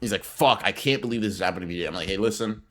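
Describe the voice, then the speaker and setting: Young male podcast co-host, low-pitched, animated slangy storyteller. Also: rapid-fire, very noisy. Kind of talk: casual storytelling chat.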